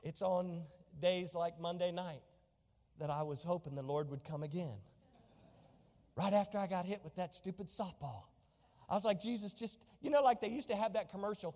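A man's voice: sits high, a little mellow, big-room sound. A male pastor preaching a sermon to a congregation, reading scripture aloud and putting questions to the people in the pews. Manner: preaching, reads scripture in old wording, asks the congregation questions. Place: church.

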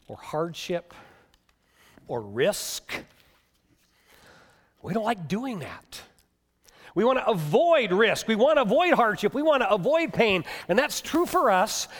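A male pastor preaching a sermon, telling a story with animation and dropping to hushed tones. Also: sits high. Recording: long reverb of a hall.

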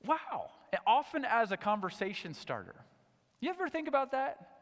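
A man preaching a sermon to a church congregation, animated, swinging between loud emphatic points and low, quiet asides. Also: normal speed, long reverb tail. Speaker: pastor. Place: church sanctuary.

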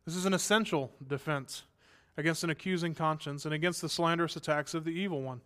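A male pastor delivering a sermon in a smooth, clear voice that sits a little high for a man. He talks earnestly, building to emphatic passages, and mixes in dry, offhand asides. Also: fast talker, fairly bright tone.

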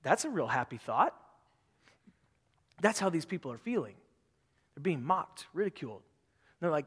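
A man preaching a sermon as pastor, animated, repeating phrases and acting out quotes. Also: sits high, moderate pace, pauses often, long reverb tail.

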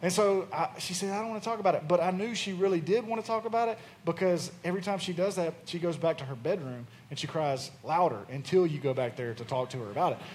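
High-voiced pastor preaching to a church. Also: male voice, quick pace, hardly any pauses, a little hiss or hum. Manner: conversational preaching, rising in force. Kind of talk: sermon.

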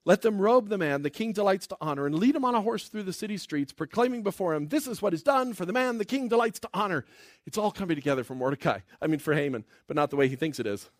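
A man preaches with a bright, high-pitched voice that swoops up and down as he retells a scripture story. He drops in playful character bits and jokes along the way. The sound is dry, with no room echo. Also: very animated. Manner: playful, acts out the characters in quick asides. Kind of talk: animated sermon retelling a Bible story.

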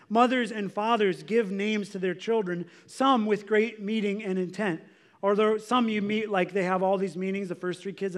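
High-voiced male pastor preaching. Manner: conversational, filler "like". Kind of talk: sermon.

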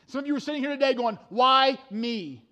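A male pastor preaching a sermon with passion, swinging from loud declarations to hushed intensity, with frequent stammering restarts. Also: very high-pitched, steady tone, rapid-fire.

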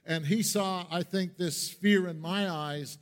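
A man from Pennsylvania, a pastor, preaching a sermon and telling a story in an earnest way, slowing down for the dramatic parts. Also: high-pitched. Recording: long reverb of a large hall.

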